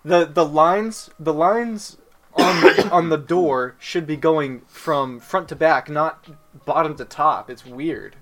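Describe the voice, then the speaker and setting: A man's voice: on the high side, slow pace, a bit bright. A man hosting a casual chat, moving the group through each car and giving his verdicts. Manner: leads the rundown, opinionated. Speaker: host.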